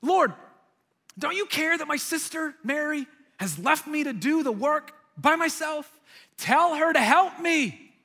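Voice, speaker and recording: A man's voice: expressive, a little slow, pushed and bright, big-room sound, heavily acted. A man voicing a flustered, overworked woman who complains about doing all the work alone, in a sermon retelling. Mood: frustrated. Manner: exasperated, shrill complaining.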